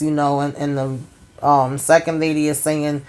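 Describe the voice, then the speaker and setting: Low-pitched woman doing a chatty tv recap, acts out the lines like "and he was like", lots of um and you know. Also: little pitch movement, measured pace, a little mellow. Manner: retells scenes in quoted dialogue, many fillers. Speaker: TV recap host. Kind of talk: casual episode recap.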